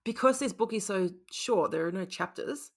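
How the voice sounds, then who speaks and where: A young woman co-hosting a casual book discussion, frank and quick to laugh as she talks about a story. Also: medium pitch, lively intonation, husky. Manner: frank, laughing, swears freely.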